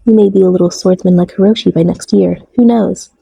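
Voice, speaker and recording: A woman voicing a young noble mother who is gentle and teasing in a storybook. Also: medium pitch, fairly even intonation, fairly quick, creaky, breathy edge, no echo. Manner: warm teasing, mock-dramatic.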